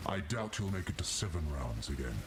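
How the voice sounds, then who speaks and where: An actor playing an ancient, taunting boss spirit in a video game, speaking in a hushed, ominous way. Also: male voice, low-pitched, very animated, a little fast, background noise. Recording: game audio over clear music.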